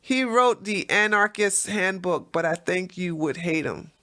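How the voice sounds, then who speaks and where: A woman hosting a casual livestream, reading chat comments and telling animated stories with frequent laughs and repeated words. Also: on the low side, a little slow.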